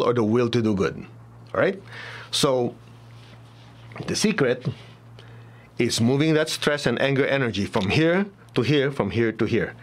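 A man teaching a spiritual class in a loose, chatty way, often laughing and acting out little examples. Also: medium pitch. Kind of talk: casual talk to a class.

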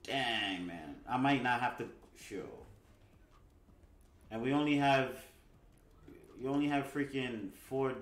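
A man's voice: mid-range voice, takes it slowly, long pauses, fairly bright tone, reverberant. A young man hosting a casual gaming livestream, talking laid-back with his friends and often repeating himself. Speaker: livestream host. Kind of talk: casual gaming stream chat.

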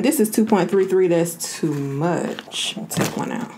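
A woman's voice: fairly low pitch, a little slow, warm tone, slight background noise. A woman hosting her own vlog, chatting casually and informally with her viewers. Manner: chatty, informal, often addresses viewers as y'all. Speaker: vlogger host. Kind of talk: casual chat to camera.

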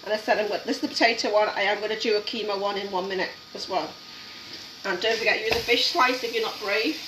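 A woman's voice: mid-range voice, steady tone, fast talker. A woman hosting a casual cooking demonstration in a home kitchen, chatting and encouraging while she works. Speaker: cooking show host. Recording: echoey kitchen, mic at a distance, background noise.

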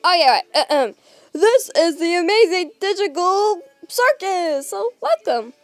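A woman voicing an overexcited, theatrical male ringmaster in a fan audio role-play, booming like an announcer. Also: animated, a little slow, no room sound, soft background music, heavily acted. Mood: showy.

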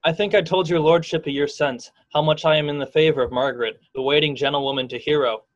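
A sly, plotting henchman, played by a teenage boy, with a conspiratorial way of talking. His voice sits a bit high. The sound comes through muffled video-call audio. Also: fairly even intonation, fast talker, natural voice. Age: late teens. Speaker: student actor.

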